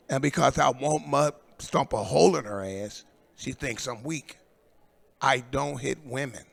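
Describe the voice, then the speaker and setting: Gravelly older man telling stage stories. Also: mid-range voice. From Indianapolis, USA. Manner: profane, rambling storytelling with shouted quoted voices. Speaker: stand-up comic. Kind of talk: stand-up comedy set. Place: live comedy stage.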